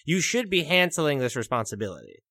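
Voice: medium pitch, sing-song, fairly quick, fairly bright tone, dry recording, studio quality. A podcast co-host riffing through improvised comedic worldbuilding, swearing freely and slipping into voices. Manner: profane, riffing, puts on voices.

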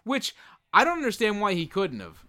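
A man with a lively, swooping, bright voice jokes through a casual podcast chat. He is wry and quick with a gag, and now and then slips into goofy put-on voices. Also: high-pitched. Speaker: podcast co-host. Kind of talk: casual chat, joking banter.

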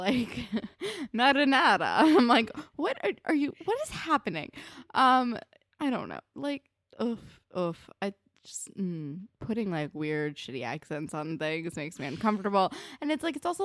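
Lively young woman from New Jersey. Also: medium pitch, no echo, studio quality. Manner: sarcastic, laughing asides. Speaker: podcast co-host. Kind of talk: casual recap chat.

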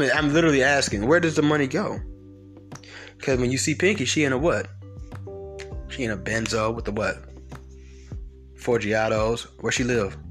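A man's voice: medium pitch, a bit bright. Heated, profane man ranting. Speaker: podcast host. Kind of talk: ranting monologue.

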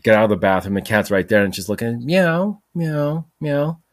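A man's voice: on the low side, fairly even intonation, rapid-fire. A man hosting a solo podcast, rambling casually with lots of "freaking" and "like". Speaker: podcast host. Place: home recording, voice message.

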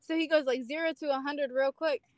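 Give me an animated woman officer chatting over a call, bright and high. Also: fairly quick, dry recording, rough recording. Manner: animated, lots of fillers. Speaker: police officer. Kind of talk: casual storytelling chat.

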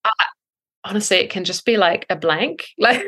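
A woman in her thirties, a breathwork coach, explaining thoughtfully in a podcast interview with frequent ums and soft laughs. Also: medium pitch, lively intonation, moderate pace.

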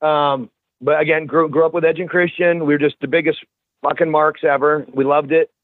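A man in his forties, rather high for a man, tells stories with lots of swearing and restarts. He comes through a thin line that sounds like a phone, very dry and close. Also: brisk, no echo, phone-quality sound. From Canada. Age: 40s. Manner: profane, animated, restarts words. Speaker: podcast guest, wrestler. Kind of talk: casual storytelling chat.

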